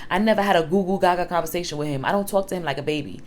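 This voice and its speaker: A woman's voice: fairly low pitch, very fast, a little hiss or hum. A young woman, a single mother, telling a personal story to the camera in a frank, emphatic way, swearing casually.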